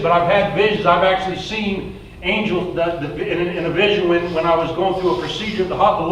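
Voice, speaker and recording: Male pastor, high voice, loose chatty sermon, distant mic, faint hiss. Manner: conversational preaching with fillers, reading scripture aloud. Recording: roomy echo, distant mic, faint noise.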